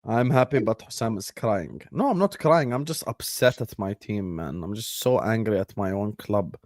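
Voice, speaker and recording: Heated lad arguing football. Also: male voice, lowish voice, normal speed, no room sound, clean studio sound. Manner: animated, swears, jumps from grumbling to loud protest. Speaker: football show co-host. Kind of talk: heated casual football banter.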